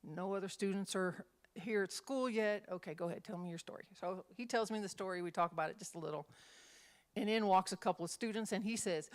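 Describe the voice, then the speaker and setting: A woman's voice: medium pitch, a little fast. A middle-aged woman minister leading a Bible study, telling stories and acting out the voices in them. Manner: animated storyteller, acts out quotes.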